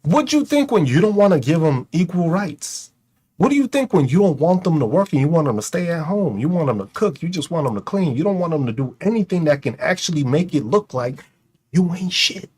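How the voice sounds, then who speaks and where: A man with a high voice that swoops all over his range, delivering a mocking, profane rant to his online audience. He fires off rhetorical questions and keeps laughing at his own jokes. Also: sing-song, brisk, darkish tone, husky. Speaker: streamer and commentator. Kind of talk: ranting commentary to an online audience.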